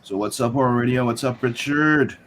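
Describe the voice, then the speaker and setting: A man's voice: medium pitch, a little fast, a bit bright, slight background noise. French-Canadian man chatting on a livestream. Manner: greets chatters, fumbling restarts. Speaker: co-host. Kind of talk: casual livestream chat.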